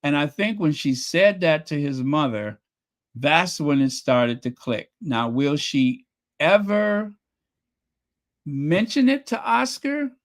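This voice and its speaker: A man talks through a drama's episode in an easy, chatty way, lingering over his words at an unhurried pace. His voice sits slightly high, and he jumps up in pitch whenever he acts out what the characters said. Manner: animated storytelling, acts out quotes with rising pitch. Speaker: show reviewer. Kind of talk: casual recap commentary.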